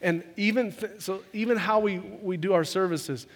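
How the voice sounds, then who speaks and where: A man preaching a sermon to his congregation in an earnest, conversational way, often repeating words as he rushes ahead. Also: high voice. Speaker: pastor. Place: church sanctuary. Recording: long hall reverb.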